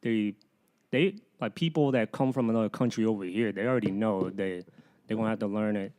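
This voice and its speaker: A man's voice: on the low side, brisk, darkish tone. A man from the United States, a guest comedian in a casual chat, talking hesitantly with many fillers and restarts.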